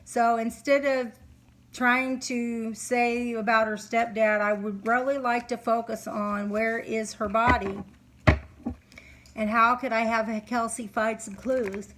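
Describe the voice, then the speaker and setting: Middle-aged lady rambling earnestly at home, kinda sleepy, slightly high voice, lots of ums. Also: little pitch movement, background noise. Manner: earnest, halting, many fillers. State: sleepy, yawning. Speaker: psychic reader. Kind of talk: casual monologue to camera. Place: home, candles lit.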